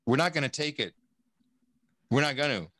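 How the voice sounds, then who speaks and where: A man from the United States, a podcast guest talking in a rambling, profane, animated way with many restarts. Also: medium pitch, normal speed, no echo, clean studio sound. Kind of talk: casual podcast conversation.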